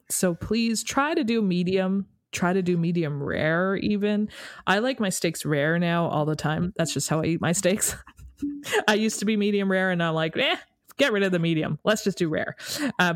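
Woman from Alberta, podcast co-host, lowish voice, emphatic, dry close sound. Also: no echo. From Canada, Alberta. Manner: emphatic, pleading, laughs while ranting. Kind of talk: casual chat.

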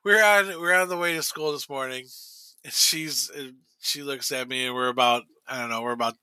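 A man's voice: medium pitch, moderate pace, bright, forceful tone, clear, resonant tone, no room sound. A man in his forties chatting casually on a podcast, rambling with lots of fillers and restarts. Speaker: podcast co-host. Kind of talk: casual chat.

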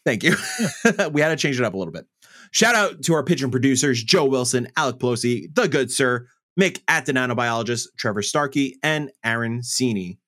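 Animated, laughing podcast host. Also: male voice, mid-range voice, brisk. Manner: animated, laughs often, stumbles over reads. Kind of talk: casual podcast intro and chat.

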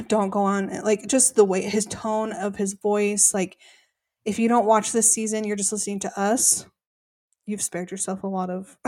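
A young woman co-hosting a podcast, retelling a reality show episode in casual chat with quoted voices. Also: medium pitch. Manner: chatty, animated retelling with quoted voices and laughs. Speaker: podcast co-host.

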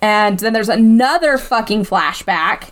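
A woman co-hosting a casual movie podcast, recapping the plot in an animated way and swearing often. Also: mid-range voice, measured pace. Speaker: podcast co-host reviewing a movie. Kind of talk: casual chat.

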